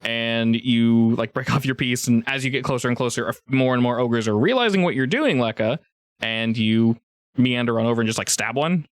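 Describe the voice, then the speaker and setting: A man's voice: medium pitch, normal speed, no room sound. Man game master, rambling casual narration, dry recording. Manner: rambling, laughs often, many restarts.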